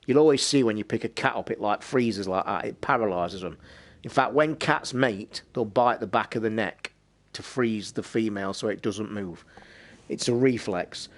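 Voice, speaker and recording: A British streamer and podcast host tells a rambling story on a live stream, swearing constantly in a casual, animated way. His voice is on the low side and moves at a moderate pace.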